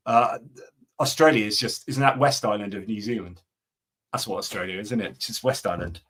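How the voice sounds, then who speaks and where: A man's voice: fairly low pitch, fairly quick, a bit bright, breathy edge. A middle-aged man hosting a live stream, chatting casually and answering viewer comments, with lots of fillers and restarts. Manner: rambling, many fillers and restarts.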